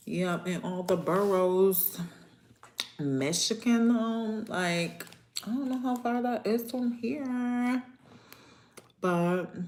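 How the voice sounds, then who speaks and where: A woman from Niagara Falls with a New York accent, hosting a casual livestream chat and talking to viewers in loud, playful street slang, swearing freely. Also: fairly low pitch. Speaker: livestream host.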